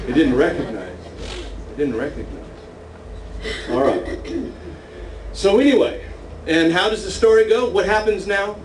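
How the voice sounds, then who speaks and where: A man's voice: high-pitched, animated, unhurried, long pauses, a crowd in the background. Casual male Bible teacher, joking scripture reader, distant mic in a roomy meeting hall. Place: meeting room with a small group. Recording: roomy echo, from afar, faint noise.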